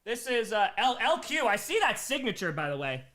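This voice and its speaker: Guy streaming, reading chat and hyped, bright voice bouncing all over. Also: very high-pitched, brisk. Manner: excited, reading chat aloud. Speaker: streamer host. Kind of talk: casual live-stream chat.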